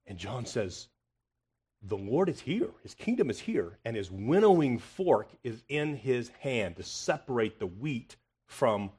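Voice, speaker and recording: Husky preacher man, dramatic sermon. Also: mid-range voice. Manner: confrontational, rhetorical questions, swings from loud to hushed. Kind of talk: expository sermon.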